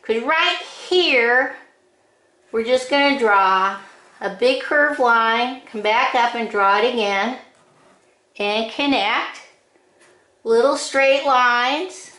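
A woman giving a drawing lesson, calling out short steps one at a time in a slow, patient way. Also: on the high side, sharp tone, reverberant. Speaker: drawing teacher. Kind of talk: step-by-step drawing instruction.

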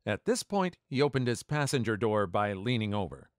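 Male narrator, lowish voice, very lively delivery, dry booth sound. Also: fairly quick, dry recording. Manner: animated, acts out the dialogue. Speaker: story narrator. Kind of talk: scripted story narration.

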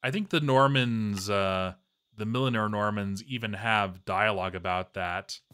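A man's voice: on the low side, a little slow, a bit bright, clear, resonant tone. A man giving casual, rambling and playful commentary while he plays a game, chatting to his viewers.

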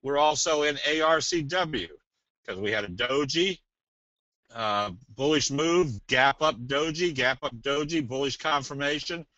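A man presenting a trading webinar in a casual, folksy way, slipping in jokes and a sales pitch. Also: a little slow, pushed and bright, no room sound. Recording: dull, dry webinar audio.

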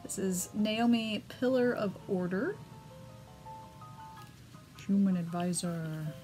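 A woman hosting a casual chat at home while opening trading card packs, giggling often and reading card names out slowly. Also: mid-range voice, dark tone, soft background music. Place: home table with a cat around.

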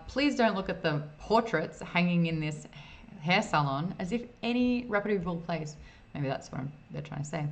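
A woman's voice: lowish voice, animated, normal speed. A woman streaming an old computer game in casual, self-mocking commentary, reading game text aloud as she plays.

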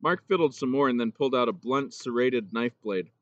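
A man reading a children's novel aloud in steady, measured storybook narration. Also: mid-range voice, lo-fi sound. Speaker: audiobook reader.

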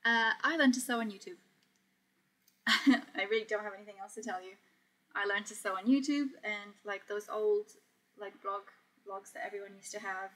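Chatting through a casual sewing livestream, a young Portuguese woman speaks at a moderate pace in a mid-range voice that is bright and forceful. She reads the chat out loud while she works and laughs a lot.

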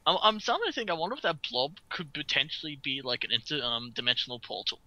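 A man co-hosting a casual podcast chat, quick to react. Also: on the high side, big pitch swings, pushed and bright, rough recording. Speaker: podcast co-host.

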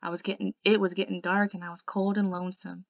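A woman reading a novel aloud in an expressive way, softening to a hush in the quiet passages. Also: on the low side, fast talker. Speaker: audiobook reader. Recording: dull lo-fi recording.

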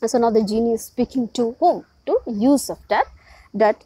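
High-voiced woman teacher. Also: moderate pace, warm tone, breathy edge, dry recording, poor audio. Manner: repeats and explains with questions. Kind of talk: reading a story and explaining it to a class.

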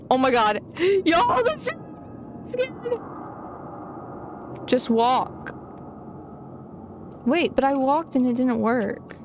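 A young woman streaming a game live, excitable and chatty with her viewers, often gasping and giggling. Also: medium pitch, background noise. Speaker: gaming streamer. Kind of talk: live gameplay commentary.

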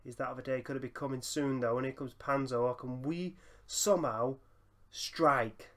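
A young man giving excitable running commentary over a football management game, breaking into laughter and shouts. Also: medium pitch, moderate pace. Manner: excitable, bursts into shouting and laughter at big moments. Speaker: gaming YouTuber.

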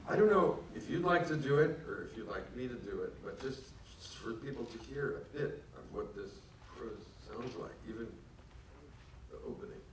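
A man hosts a public conversation and politely nudges his guest to read. His voice has a mid-range pitch and carries from a distance through a large, reverberant hall. Faint background noise sits underneath. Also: animated, moderate pace. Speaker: conversation host. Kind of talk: live onstage conversation.

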